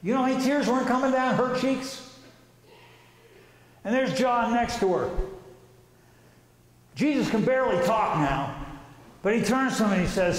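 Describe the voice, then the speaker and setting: A man's voice: very high-pitched, animated, moderate pace, long pauses. A man presenting an informal religious talk, telling the story vividly and casually with slang. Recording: echoey hall reverb.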